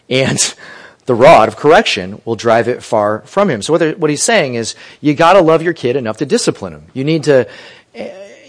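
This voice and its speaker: Give me a pastor preaching an emphatic sermon in an ordinary mid-range voice. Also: male voice, medium pitch. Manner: earnest, emphatic preaching with scripture quotes.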